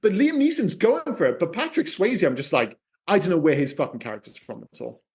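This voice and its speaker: A man co-hosting a podcast, chatting casually about a film with lively swearing and acted-out quips. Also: on the high side, brisk. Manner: animated, swears freely, acts out quips. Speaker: podcast co-host. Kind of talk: casual film review chat.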